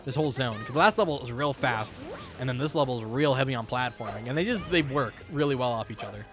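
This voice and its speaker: A man's voice: mid-range voice, fast, music in the background. A man streaming a video game, chatting casually with a profane, wry, jumpy manner and answering his chat. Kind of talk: casual live-stream commentary while gaming.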